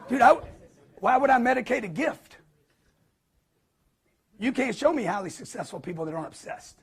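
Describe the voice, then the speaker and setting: A man giving a live motivational sales talk to an audience, emphatic and preachy, with punchy repetition and quick acted-out quotes. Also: very high-pitched, lively intonation, breathy edge, some chatter behind. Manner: acts out quotes in put-on voices.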